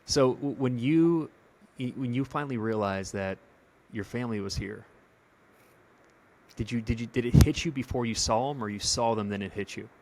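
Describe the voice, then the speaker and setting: A man hosting a casual podcast chat, a father who talks in a halting way and repeats words as he searches for them. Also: mid-range voice, a little mellow, slight background noise. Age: adult, a father. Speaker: podcast host.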